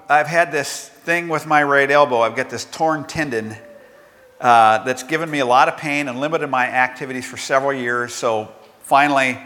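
Bright-voiced older male preacher in echoing hall. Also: medium pitch. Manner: conversational preaching with rhetorical questions and acted-out quotes. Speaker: pastor. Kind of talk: sermon.

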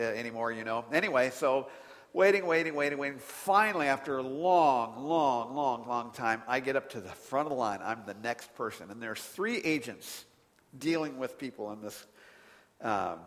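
A man preaching a sermon, telling a personal story in an animated way that swings from quiet to loud exasperation. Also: mid-range voice, in a large hall. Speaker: pastor.

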